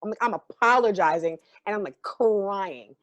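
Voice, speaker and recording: A New York woman, a stage actor appearing as a guest, shares a story in casual fashion, vivid and profane and emotionally open. She speaks at medium pitch in an unhurried way, with no echo in the audio.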